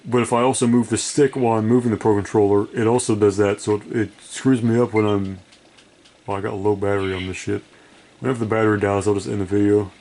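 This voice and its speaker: Quick and flat, with a darkish tone on the low side, the man delivers casual gameplay commentary. Lacking sleep, this gaming video creator rambles as he plays a video game, profane and self-deprecating throughout.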